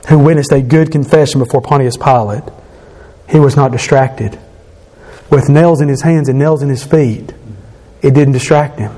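A man preaching a sermon, building rhythmic lists and rising to passionate shouts. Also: mid-range voice, breathy edge. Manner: impassioned, rising to shouts on climaxes.

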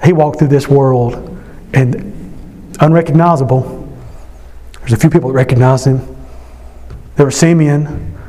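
A man preaching a sermon as pastor at a church service, impassioned, his voice climbing high when he stresses a point. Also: a little slow, long pauses, warm tone, a little hiss or hum.

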